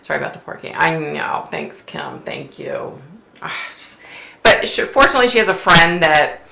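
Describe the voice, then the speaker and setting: This woman's voice is low, creaky, and animated, with a sharp tone and a moderate pace, heard in an echoey room. A psychic and livestream host, she chats casually with viewers, reads chat messages aloud, and peppers her talk with "like" and "you know."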